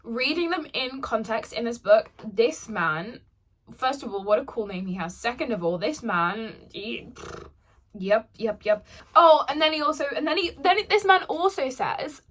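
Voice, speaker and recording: A woman's voice: on the high side, expressive, measured pace, a bit bright. A young woman who is a book vlogger, chatting casually to camera at home in a bubbly, gushing way. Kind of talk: casual vlog talk to camera.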